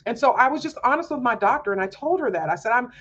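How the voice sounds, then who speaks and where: A woman's voice: fairly high pitch, expressive, fast talker, fairly bright tone, highs cut off. A woman hosting a homeschool mom podcast, talking earnestly in a candid personal monologue, confiding and full of fillers.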